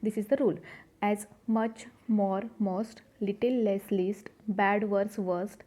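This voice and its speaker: A woman's voice: medium pitch, fairly even intonation, takes it slowly, dark tone. A woman teaching a grammar lesson, patiently repeating each rule and asking the class questions. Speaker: English teacher. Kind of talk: grammar lesson explaining rules.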